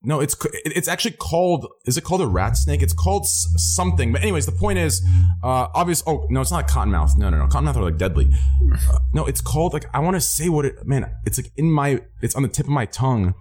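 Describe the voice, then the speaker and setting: A man's voice: mid-range voice, sing-song, fast, a little mellow, breathy edge. An American man hosting a charity stream, reading out donations with profane joking banter and many fillers. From United States.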